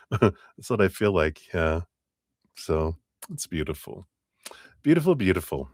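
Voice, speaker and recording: A man's voice: low-pitched, big pitch swings, takes it slowly, a little mellow, dry recording, clean studio sound. A man hosting a live tarot reading stream, bubbly and giggly, breaking into sing-song sounds. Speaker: tarot reader.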